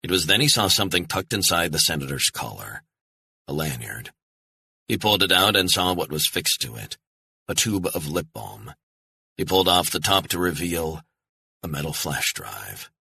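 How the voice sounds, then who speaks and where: A man narrating a thriller audiobook in a tense, measured way. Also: sits low, sing-song, vocal fry, sharp tone, slightly rough, dry recording.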